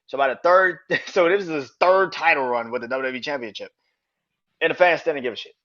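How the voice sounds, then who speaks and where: A young man hosting a wrestling podcast, ranting casually, swearing freely, getting excited, and laughing often. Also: fairly high pitch, brisk, muffled recording. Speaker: podcast host.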